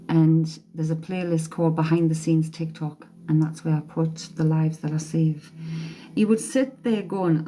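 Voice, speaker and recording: A woman's voice: deep voice, dark tone, slight background noise. A woman working as a psychic medium on a live stream, chatting with viewers and relaying messages, laughing often. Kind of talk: live-stream spirit reading. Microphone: phone or webcam for a live stream.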